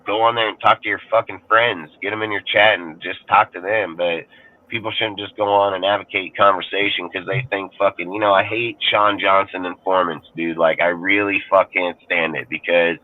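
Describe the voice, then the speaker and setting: A man's voice: low-pitched, fairly even intonation, normal speed. A man ranting on a sports podcast panel, swearing constantly and rambling heatedly in casual talk. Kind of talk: profane casual rant. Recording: tinny phone-like line.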